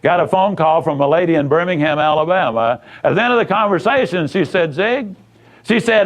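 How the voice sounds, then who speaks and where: A man's voice: on the high side, fairly quick. Man, motivational speaker, from the United States, folksy storytelling, emphatic. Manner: emphatic and folksy, with repetitions and acted-out dialogue.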